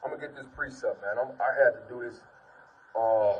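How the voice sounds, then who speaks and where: A man's voice: medium pitch, fairly quick, distant mic, muffled recording, a little hiss or hum. A man giving an informal sermon and testimony, reading scripture and preaching earnestly, repeating "man" often while sitting on the ground. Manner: earnest, repetitive, peppers speech with "man".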